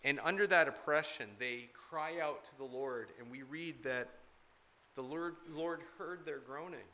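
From the pulpit, a pastor preaches an expository sermon in a slightly high, bright, forceful voice at an unhurried pace. Earnest and emphatic, he repeats key points to drive them home.

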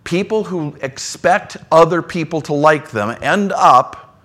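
A man preaching a sermon with a fairly high voice. He talks conversationally, dropping to quiet, low asides before rising again to make his point. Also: lively intonation, slow. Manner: conversational, swings between soft low asides and emphatic lines. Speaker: pastor.

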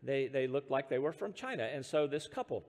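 A man's voice: mid-range voice, animated, fairly quick, big-room sound. An American man preaching a sermon, explaining scripture and telling stories with self-deprecating humor and the odd chuckle. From United States. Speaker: pastor.

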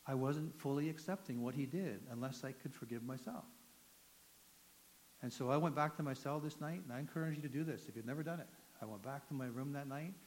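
A man's voice: medium pitch, darkish tone, a little hiss or hum, low-quality recording. A man giving an earnest, emphatic testimony sermon to a church audience, telling his story with feeling. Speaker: guest speaker giving testimony.

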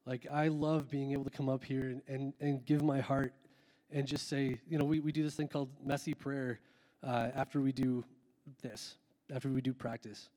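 A man's voice: mid-range voice, flat delivery, moderate pace. A man who is a worship pastor, talking earnestly and rambling from the stage of a church, with lots of fillers and restarts. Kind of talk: casual talk from the stage before a song. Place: church hall with a long, echoing reverb. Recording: echoey hall with soft music behind.

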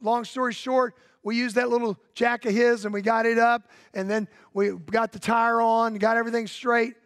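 A man with a Southern US accent, a pastor preaching a sermon in folksy, emphatic storytelling that drops to a hush for drama. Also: very high-pitched, little pitch movement, normal speed, no room sound, clean studio sound. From Southern United States. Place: church sanctuary.

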